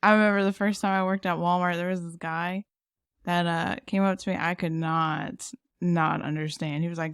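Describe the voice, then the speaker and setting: A woman's voice: fairly low pitch, flat delivery, moderate pace, smooth, dry recording, studio quality. A woman co-hosting a podcast in casual chat, talkative, with lots of fillers and laughter. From lived in San Antonio, Texas. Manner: chatty, laughs often, many fillers. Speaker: podcast co-host.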